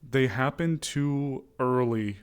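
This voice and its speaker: A man's voice: mid-range voice, slow pace, clear, resonant tone. A male streamer in casual chat while playing a roleplay character, hesitant and often laughing.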